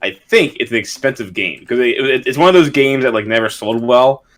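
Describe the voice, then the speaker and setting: A man's voice: mid-range voice, lively intonation, fairly quick. Laid-back young man, giggly podcast chat. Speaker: podcast co-host. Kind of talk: casual chat.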